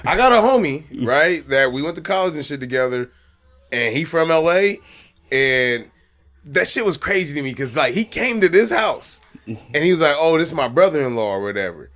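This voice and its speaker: A man's voice: a little high, normal speed. A man in his twenties co-hosting a podcast, telling stories and joking in casual chat. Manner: relaxed storytelling, joking. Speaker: podcast co-host.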